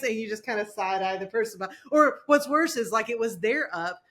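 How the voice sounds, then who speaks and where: A woman hosting a casual podcast chat, laughing often and chiming in with quick agreement. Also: a little high, fairly bright tone. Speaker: podcast host.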